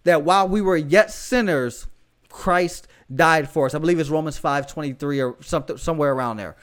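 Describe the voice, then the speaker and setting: A man's voice: fairly high pitch, fairly quick, smooth. A young man with a Southern US accent preaching fervently in a casual, slangy, conversational way. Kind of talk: podcast sermon.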